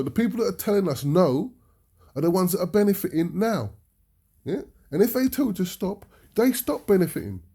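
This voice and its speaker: Gravelly British man preaching emphatically. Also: a little high, dark tone. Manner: emphatic, ends points with a questioning "yeah?". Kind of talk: impassioned talk to an audience.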